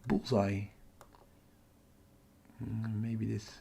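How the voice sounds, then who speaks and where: A middle-aged man hosting a night-time telescope livestream from home, half-whispering so he doesn't wake the house, muttering to himself over his capture software. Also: on the low side, steady tone, drawn-out words, vocal fry, slightly rough. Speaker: astrophotography livestream host. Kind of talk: live stream commentary, talking to chat.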